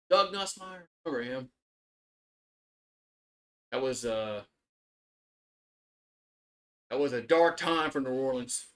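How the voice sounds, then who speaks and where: A man streams live, giving casual play-by-play and reactions, rambling, restarting his sentences over and over, cursing, and getting worked up. His pitch is medium and his pace measured, broken by long pauses.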